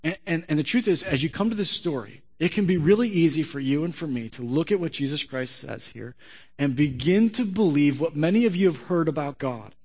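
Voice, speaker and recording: With a husky, slightly mellow voice on the high side, a male pastor preaches briskly and animatedly. His sermon is conversational, full of questions for the audience, and the large hall gives it a long reverb.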